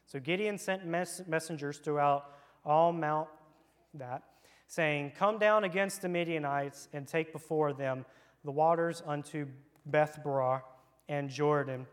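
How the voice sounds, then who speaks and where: A man's voice: fairly high pitch, unhurried, clean tone. Playful man leading a kids' Bible lesson. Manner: playful, joking, casual. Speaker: children's church leader. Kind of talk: interactive Bible lesson for kids. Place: church room with children present.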